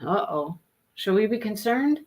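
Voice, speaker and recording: A woman's voice: medium pitch, very animated, a little slow, a little mellow, slight background noise. Woman hosting a book club livestream, chatty storyteller, laughs a lot, reads out comments. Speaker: host of a live book discussion. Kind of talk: casual chat on a livestream.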